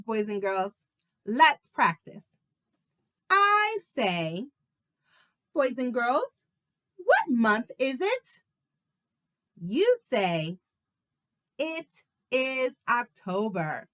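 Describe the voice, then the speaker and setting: A woman teaching a video lesson to preschool children in a slow, encouraging, sing-song way. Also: sits high, bright, forceful tone.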